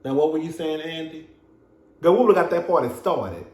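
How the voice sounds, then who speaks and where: Brief: male reviewer, sassy and salty, fairly high voice, roomy echo. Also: expressive, moderate pace, darkish tone. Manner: sassy, profane and laughing. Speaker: reality TV reviewer. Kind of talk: casual commentary. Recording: echoey room.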